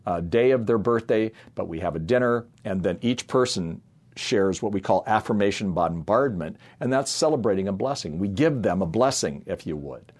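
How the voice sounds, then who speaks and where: A man's voice: lowish voice, lively intonation, moderate pace, a little mellow. A middle-aged man from a family ministry, giving an earnest sermon-style talk full of personal stories. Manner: earnest storytelling, acts out quoted voices. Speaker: speaker in youth and family ministry.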